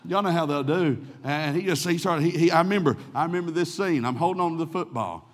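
A middle-aged man preaching a sermon, telling folksy personal stories and swinging from loud to hushed. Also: a little high, fast, long reverb tail.

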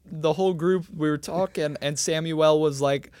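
A young man co-hosts a loose comedy podcast, his voice sitting a little high. He curses often and acts out other people's lines as he tells stories. The sound is dry and close to the mic. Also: moderate pace, no echo. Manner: swearing, animated storyteller, acts out quotes. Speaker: podcast co-host. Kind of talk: casual comedic chat.

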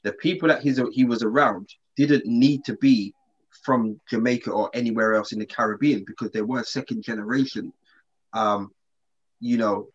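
A man's voice: mid-range voice, moderate pace, husky. Man telling a story in slang. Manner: relaxed slangy storytelling with many restarts. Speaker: podcast co-host. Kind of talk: casual chat. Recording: slightly dull lo-fi sound.

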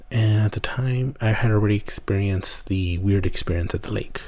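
A man's voice: fairly low pitch, normal speed, few pauses, a little mellow. A man casually telling a personal story as a podcast host, rambling and swearing often.

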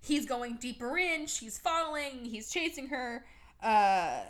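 Brief: young woman podcast host, high and bright, sarcastic casual movie recap. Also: lively intonation. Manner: chatty, sarcastic, full of fillers and quick quoted voices.

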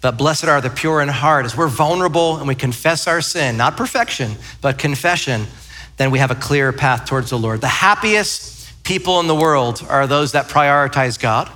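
Pastor, thirties, bright and fairly high voice, telling self-deprecating stories in a church sermon. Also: male voice, moderate pace. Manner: conversational storytelling, self-deprecating. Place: church sanctuary.

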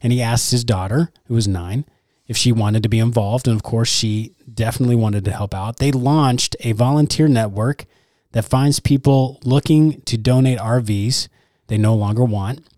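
Guy hosting a chill podcast, bit hoarse still, laughs a lot, dry close mic sound. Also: mid-range voice, normal speed, dry recording. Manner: laughs often, relaxed and chatty. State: slightly hoarse, recovering from illness. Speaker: podcast host, church worship director. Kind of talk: casual podcast chat.

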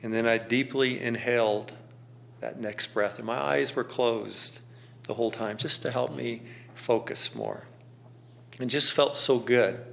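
Gravelly middle-aged man, gently reflective. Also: medium pitch. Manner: slow, gentle and contemplative, with pauses. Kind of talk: reflective personal storytelling.

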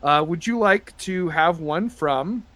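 A man narrating and chatting as game master on a tabletop podcast, rambling with many fillers and getting excited. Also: on the high side, takes it slowly.

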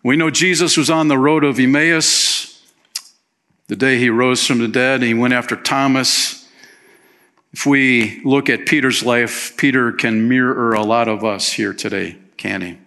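A man's voice: medium pitch, fairly even intonation, unhurried, sharp tone. A male pastor preaching a sermon in a conversational way, often tossing in "man" and acting out quotes. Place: church.

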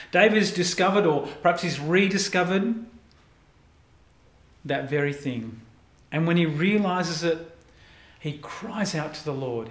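Earnest pastor man in an echoey room. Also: fairly high pitch. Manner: earnest, repeats words, soft prayerful drops. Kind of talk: sermon.

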